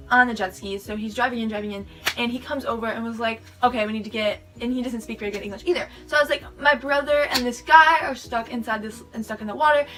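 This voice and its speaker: Fast, bright teen girl rambling a story. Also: a little high. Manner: rambling, filler-heavy retelling with lots of "like". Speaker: vlogger. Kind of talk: storytime vlog. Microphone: camera mic. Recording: sped-up audio from a distant mic with music behind.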